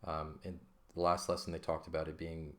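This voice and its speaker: Deep-voiced man teaching grammar. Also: monotone, brisk, a bit bright. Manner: explains patiently, checks in with frequent "okay?". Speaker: Greek teacher. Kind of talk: recorded grammar lesson.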